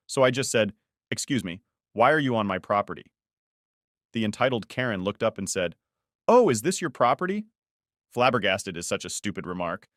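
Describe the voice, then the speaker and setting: A man narrating a first-person story from an online forum in a steady, even storytelling delivery. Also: on the low side, no room sound, studio quality. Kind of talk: reading a reddit story aloud.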